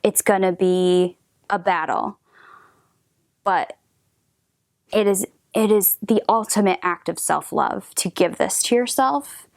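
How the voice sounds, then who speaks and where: A woman giving a gentle tarot reading, talking softly with hesitant restarts and frequent drops into a whisper. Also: mid-range voice, slow, gravelly, pauses often, no room sound, studio quality. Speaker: tarot reader.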